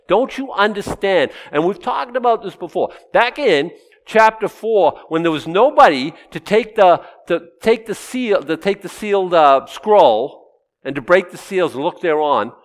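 Emphatic male preacher, fairly high voice. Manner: emphatic, swings from loud exclamations to quiet wry asides. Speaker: pastor. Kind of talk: sermon.

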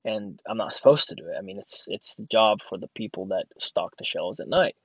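A man's voice: fairly low pitch, expressive, brisk, a bit bright, breathy edge, no room sound. A man who works at a grocery store, rambling through a sarcastic casual rant with lots of fillers. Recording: dull lo-fi dry audio.

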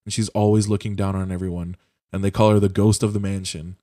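A man's voice: lowish voice, flat delivery, fast talker, mellow, no room sound, studio quality. A young man in casual chat on a voice call, rambling through a video game plot with swearing and lots of fillers. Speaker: podcast co-host. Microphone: home mic on a voice call.

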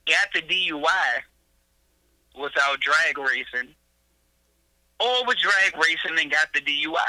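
A young man co-hosting a podcast in casual chat, blunt and slangy, reasoning his points out loud. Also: a little high, no echo, low-quality recording. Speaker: podcast co-host.

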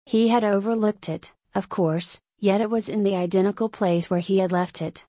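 A woman narrating a story as an audiobook in a measured storytelling way. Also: medium pitch, fairly even intonation, dark tone, no echo.

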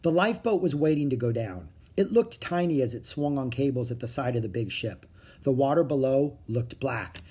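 A man reading a children's chapter book aloud, with expressive, dramatic storytelling. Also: mid-range voice, moderate pace, slightly rough. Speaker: narrator.

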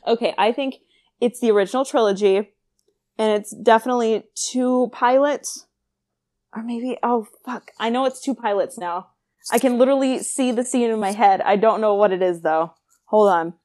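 A woman co-hosting a podcast in casual chat, animated, giggly and quick to exclaim. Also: fairly high pitch. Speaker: podcast co-host and quiz contestant.

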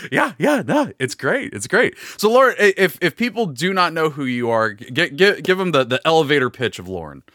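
A man hosting a casual tabletop-game podcast, animated and laughing often, talking into a close podcast mic. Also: on the high side, a little fast, hardly any pauses, no echo. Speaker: podcast host.

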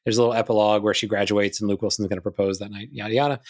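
A man's voice: on the low side, fairly even intonation, fast talker. A man hosting a podcast in casual chat, recapping a film with wry asides. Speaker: podcast host.

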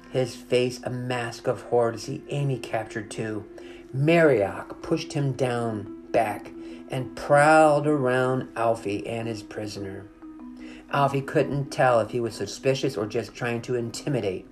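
A woman reading a children's chapter book aloud as the storyteller, in an expressive, animated way. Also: very deep voice.

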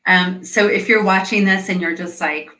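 A woman's voice: mid-range voice, fairly even intonation, normal speed, sharp tone, recorded from a distance, soft background music. A middle-aged woman coach telling stories in an interview in an earnest way, with many fillers, speaking over a call. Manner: earnest, storytelling, frequent fillers. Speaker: guest, coach. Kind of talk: conversational interview. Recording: roomy echo.

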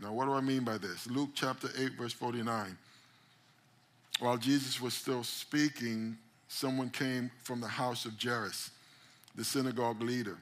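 A pastor preaches at a church service in a bright, cutting mid-range voice, unhurried and fairly even in intonation. He tells the story dramatically, acting out quoted lines with sudden loud bursts and calling out call-and-response phrases to the congregation.

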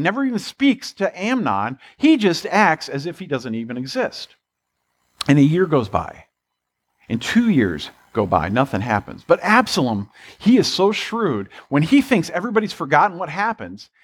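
A pastor preaching a sermon, retelling a story in a loose, conversational way and voicing the characters with "he's like". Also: high voice.

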